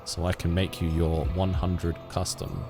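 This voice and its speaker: A man's voice: deep voice, flat delivery, unhurried, music in the background. A young man livestreaming a game, chatting casually and self-deprecatingly with viewers, often restarting his sentences. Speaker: game streamer.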